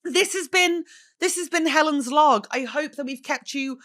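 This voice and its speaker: A woman's voice: high-pitched, normal speed, fairly bright tone. A woman hosting a podcast in casual chat, swearing freely and laughing at herself. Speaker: podcast host.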